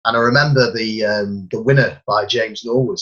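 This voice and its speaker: A man's voice: lowish voice, fairly even intonation, normal speed, fairly bright tone, lo-fi sound. A man who works as a football commentator, talking earnestly about his job and often repeating words as he starts a sentence. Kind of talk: casual chat.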